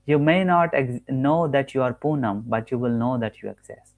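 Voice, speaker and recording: A man's voice: medium pitch, moderate pace. A man coaching listeners on manifestation in an earnest, repetitive talk from home, often restarting and correcting his words mid-sentence. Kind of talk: spoken teaching monologue.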